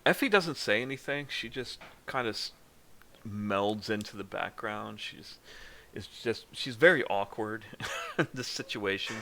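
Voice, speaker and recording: A man's voice: on the low side, animated, unhurried, bright, forceful tone. A tired man narrating as game master in a casual tabletop session, rambling and laughing often.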